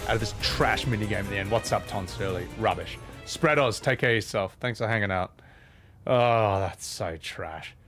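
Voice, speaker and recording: A man streaming a video game, swearing and ranting at the controls, then mumbling softly to chat. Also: medium pitch. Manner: swears a lot, rants loudly at the game, then drops to soft mumbles. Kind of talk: live gameplay commentary.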